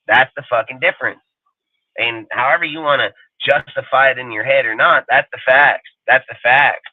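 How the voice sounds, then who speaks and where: A man's voice: mid-range voice, normal speed, dry recording. A man hosting a sports talk show, ranting heatedly with constant swearing and emphatic repetition. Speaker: sports podcast host. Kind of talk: heated casual rant. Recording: dry, phone-like line.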